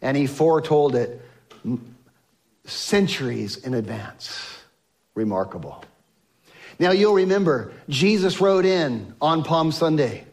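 Male preacher, slow and emphatic, slightly high-pitched, sermon delivery. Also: animated. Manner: emphatic, rising to exclamations and dropping to hushed tones; acts out quoted speech of biblical figures.

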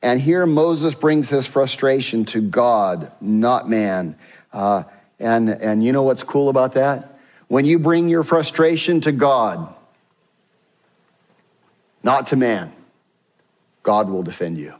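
A man's voice: medium pitch, expressive, slow pace, pauses often, highs cut off. A man preaching a sermon, asking the congregation rhetorical questions and acting out scripture quotes with a rising voice. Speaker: pastor.

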